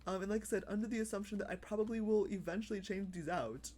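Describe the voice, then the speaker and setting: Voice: medium pitch, fast talker, darkish tone, a little hiss or hum. A livestreamer chatting casually while playing a game, rambling, repeating phrases and laughing often. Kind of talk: casual live-stream chat while gaming.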